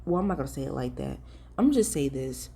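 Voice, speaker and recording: Ministry vlogger, gravelly, dark warm tone, earnest, pleading, talks straight to viewers. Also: medium pitch, animated, fast. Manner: casual and direct, addressing viewers as y'all. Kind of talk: preachy vlog commentary.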